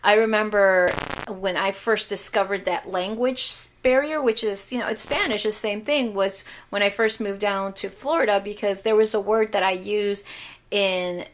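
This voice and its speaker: A woman's voice: mid-range voice, moderate pace. A woman from Chicago co-hosting a casual chat, telling stories with lots of laughter. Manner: animated storyteller, laughs often. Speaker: podcast co-host.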